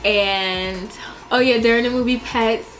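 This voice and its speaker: A young woman chatting in a casual question-and-answer vlog, dramatic and animated, laughing often and swearing. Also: a little high, unhurried, soft background music. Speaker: vlogger.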